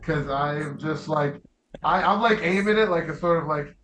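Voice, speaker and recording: A man's voice: fairly high pitch, moderate pace, a bit bright, a little hiss or hum, poor audio. A man playing at a tabletop game, talking casually and hesitantly, often starting with fillers. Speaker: player.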